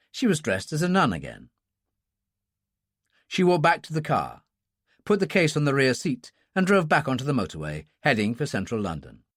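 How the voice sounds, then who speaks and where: An expressive male audiobook narrator with a medium-pitched voice delivers scripted narration. The sound is clean studio quality with no room sound.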